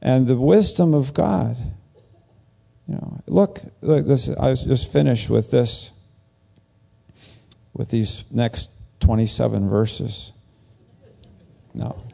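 A man preaching in a loose, chatty way, his voice gravelly with a dark, mellow tone. He talks slowly and rambles, breaking into higher, lively voices when he acts out what others say. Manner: animated, rambling, acts out quoted lines in a higher voice. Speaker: pastor. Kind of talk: casual conversational sermon.

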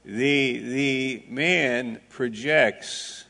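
Slow, gravelly-voiced male preacher. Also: on the low side, fairly even intonation, a bit bright. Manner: slow, deliberate preaching with rhetorical questions; plain-spoken, with asides and audience back-and-forth. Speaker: pastor. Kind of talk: sermon.

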